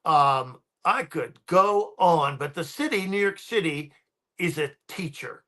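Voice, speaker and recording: Bright-voiced, rambling man. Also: on the high side, lively intonation, measured pace. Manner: rambling, many ums and restarts. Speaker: guest paranormal researcher. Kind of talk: casual podcast storytelling.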